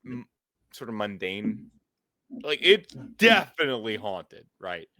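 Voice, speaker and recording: A man running a tabletop role-playing game, describing scenes in a loose, filler-heavy way. His pitch moves a lot as he talks, in a close, dry recording. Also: sing-song, slow pace, sharp tone, no echo. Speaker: game master.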